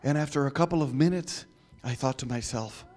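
A man telling a story to children in church, animated, asking the listeners questions and dropping to whispers. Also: mid-range voice, fairly quick. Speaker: guest speaker.

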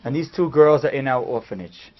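A man, a rabbi giving a class, telling a story in an animated way that swings from hushed to loud. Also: mid-range voice, a little fast. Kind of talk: storytelling lecture. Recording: dull lo-fi recording.

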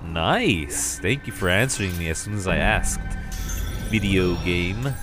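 A man's voice: low voice, animated, unhurried. A man playing a horror video game and commentating, panicky, yelping and swearing as he plays. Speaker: let's play gamer. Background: game music.

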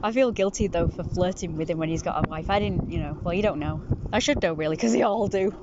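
A woman's voice: fast talker, noisy background. British woman vlogging outdoors, muffled phone audio. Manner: coos in a high sing-song voice to a cat. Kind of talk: casual vlog narration. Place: outdoors on a scooter.

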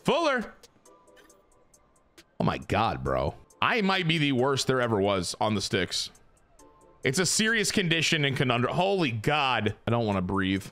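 Young man, gaming commentary, self-mocking, cursing, lively swings in pitch, faint background music. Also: moderate pace. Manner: excitable, self-mocking, swears a lot. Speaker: gaming YouTuber. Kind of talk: casual gameplay commentary.

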